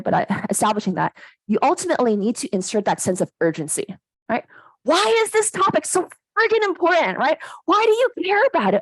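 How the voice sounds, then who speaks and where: A woman giving a casual, animated workshop lecture, often checking in with "right?". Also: mid-range voice, dry recording, rough recording. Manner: animated, conversational, keeps asking "right?". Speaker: academic workshop presenter.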